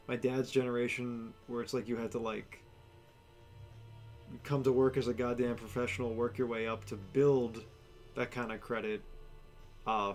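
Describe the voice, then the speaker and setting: Guy rambling away while he draws, lots of likes and ums, mid voice, a bit of music low underneath. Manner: rambling, filler-heavy, laid-back. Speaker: artist sketching on stream. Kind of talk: casual chat while drawing.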